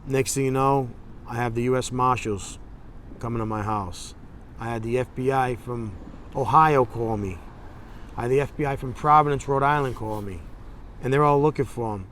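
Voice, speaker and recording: Blunt, animated older politician. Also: male voice, mid-range voice, moderate pace, a little hiss or hum. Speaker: state representative interviewee. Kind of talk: documentary interview.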